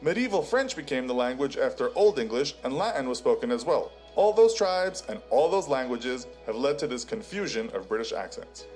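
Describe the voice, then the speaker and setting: Lively wry male narrator. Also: medium pitch, brisk, few pauses, soft background music. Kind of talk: scripted documentary narration.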